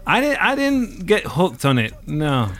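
A man's voice: a little high, huge pitch swings, a little slow, fairly bright tone. A man hosting a podcast, chatting casually about music in a wry, rambling way. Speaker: podcast host.

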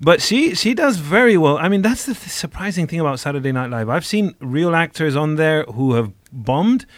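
Slightly high, hesitant male co-host. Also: lively intonation, moderate pace, no echo. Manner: hesitant, frequent restarts. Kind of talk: casual chat.

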